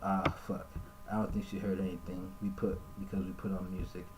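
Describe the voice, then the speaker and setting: A man streaming live commentary in a casual, conversational way, reading messages aloud and pitching his voice up for the quotes. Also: level tone, fairly quick, heavy background noise.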